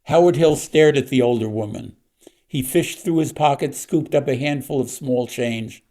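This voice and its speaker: A man, an author, reading his mystery novel aloud with steady storytelling. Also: mid-range voice, moderate pace.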